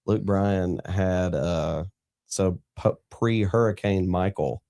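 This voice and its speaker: A man hosting a radio show, chatting casually with his guest and telling an easygoing story of his own, quick to laugh. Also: deep voice, gravelly, warm tone. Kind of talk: casual radio interview chat.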